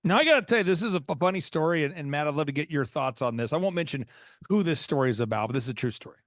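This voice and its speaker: A podcast host telling a story with lots of energy, acting out the other people in it. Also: male voice, on the high side, very fast, no room sound, clean studio sound. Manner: excitable, acts out quoted dialogue. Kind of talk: animated storytelling.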